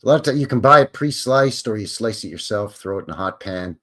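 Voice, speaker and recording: A man's voice: fairly low pitch, animated, quick pace, fairly bright tone. A middle-aged man, hosting a live stream and reading viewer questions in a chatty, jokey, rambling way. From Canada. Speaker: host.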